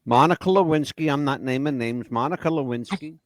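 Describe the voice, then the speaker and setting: A man's voice: mid-range voice, brisk, no echo. A man hosting a podcast, talking in an emphatic, profane, opinionated way. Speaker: podcast host. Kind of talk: casual opinionated chat.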